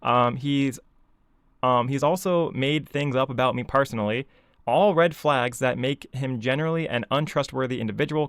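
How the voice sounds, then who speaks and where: Man ranting in a smooth, dry voice. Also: mid-range voice, a bit bright, no room sound. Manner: exasperated, sarcastic, heavy filler words. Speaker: YouTube commentator. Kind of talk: casual commentary rant.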